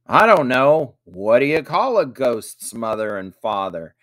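A man's voice: mid-range voice, very animated, a little slow, no echo, studio quality. A man voicing Jack, a restless adult who jokes around. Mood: jokey. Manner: jokey, loud.

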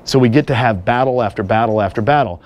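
A middle-aged man lectures at a live seminar with an energetic, joking manner. His speaking voice sits at an ordinary mid pitch, and he keeps the room engaged with stories. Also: quick pace. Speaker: firearms and martial arts instructor.

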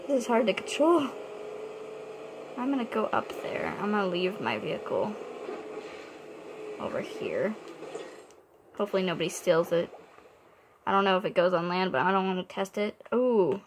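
A young woman chatting excitedly to herself while playing a video game. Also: mid-range voice, normal speed, pauses often. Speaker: gamer. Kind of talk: gameplay commentary. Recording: noisy game audio behind.

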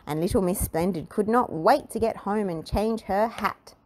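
A woman reading a children's picture book aloud, with expressive storytelling and playful emphasis. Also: mid-range voice, moderate pace.

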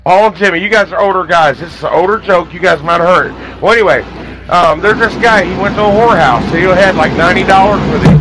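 A man's voice: high voice, quick pace, noisy background. A man on a talk radio show, rambling through old jokes with lots of false starts. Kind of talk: casual talk radio banter.

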